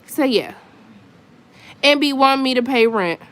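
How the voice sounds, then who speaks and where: Woman, higher pitch, casual live-stream vlogger at home, exasperated venting. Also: lively intonation, measured pace, a bit bright. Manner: venting, exasperated, chatty with asides. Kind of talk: casual chat to viewers. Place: her apartment at home.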